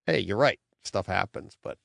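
Middle-aged male podcast host, gravelly, dry close sound, rambling casual storyteller. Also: sits low, normal speed, a bit bright, dry recording. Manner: rambling storyteller, acts out his own quotes.

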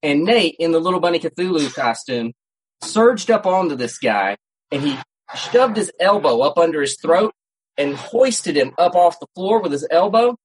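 This man co-hosts a laid-back podcast, very animated as he tells rambling stories and often starts over. His fairly high voice has a breathy edge at normal speed, and the rough recording comes from a home setup with a cat close by.

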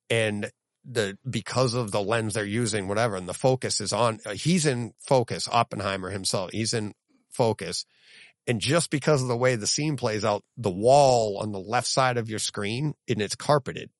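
A man's voice: fairly low pitch, normal speed, dry recording, clean studio sound. A man co-hosting a podcast, chatting casually and telling stories with plenty of laughs and restarts. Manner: animated storytelling with laughs and restarts. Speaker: podcast co-host. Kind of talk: casual chat.

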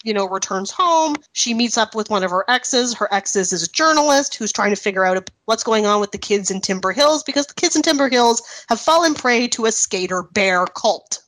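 A lively woman with a Canadian accent, chatting casually as a podcast co-host. Her voice sits a little high. She laughs often and slips into little acted-out quotes as she talks. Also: normal speed, few pauses, a little hiss or hum, low-quality recording. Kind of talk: casual chat.

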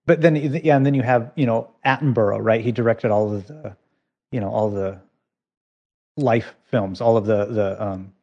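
A man's voice: lowish voice, moderate pace, a little mellow, dull audio. A man appearing as a guest on a podcast in casual chat, rambling and restarting with many fillers.

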